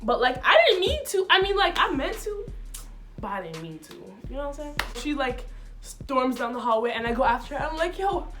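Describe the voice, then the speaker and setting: A young woman vlogger telling a school story in a casual, animated way, laughing often and using slang. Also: high voice, a little fast, music in the background.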